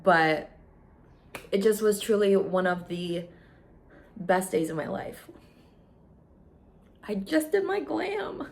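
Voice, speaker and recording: A woman's voice: medium pitch, slight background noise. Young woman, chatty storytime vlogger; gushing, emotional delivery, mid-range voice. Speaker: beauty vlogger. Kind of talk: casual storytime chat.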